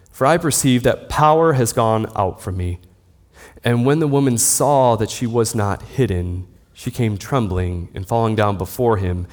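Male pastor, thirties, preaching casually and telling stories, pitch rising and falling a lot. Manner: conversational storytelling preacher. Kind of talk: sermon.

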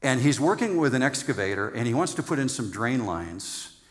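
A middle-aged man preaching a sermon in a relaxed, conversational way, teasing the congregation and repeating words for emphasis. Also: mid-range voice. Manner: repeats words for emphasis, slows down on key phrases. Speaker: pastor.

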